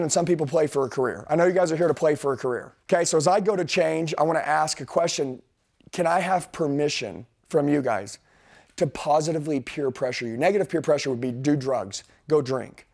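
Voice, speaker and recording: Blunt, intense sales coach. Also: male voice, a little high, a little mellow. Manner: blunt, intense, direct, preaching to the room. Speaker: sales trainer. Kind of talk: motivational training talk to a group.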